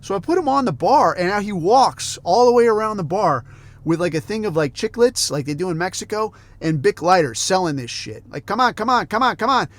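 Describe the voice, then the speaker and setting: A man's voice: high voice, animated, a little fast. A middle-aged man hosting a podcast, telling rambling stories in a casual, heavily profane rant. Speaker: podcast host.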